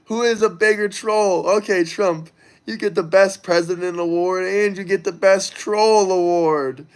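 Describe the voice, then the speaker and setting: A high-voiced man runs a casual livestream, talking loosely and crudely as he addresses his chat directly and reads their messages aloud. His tone is steady and smooth, at a measured pace.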